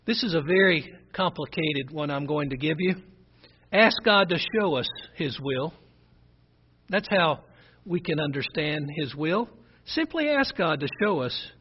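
A man's voice: fairly high pitch, very animated, a little slow, breathy edge, lo-fi sound. A man with a rural Southern American accent preaching a sermon, earnest and conversational as he reads scripture aloud.

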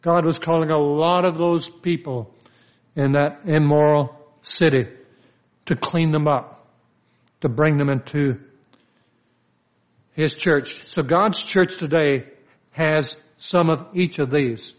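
A man's voice: a little high, fairly even intonation, slow pace, pauses often. Older man preaching a story-filled sermon. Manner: conversational, anecdotal, with frequent restarts. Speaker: pastor.

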